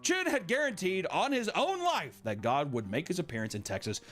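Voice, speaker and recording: A man narrating a story for a podcast, with a lively, up-and-down pitch and sarcastic asides. Light music plays quietly behind him. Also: normal speed. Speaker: podcast host. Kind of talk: reading out a story, joking.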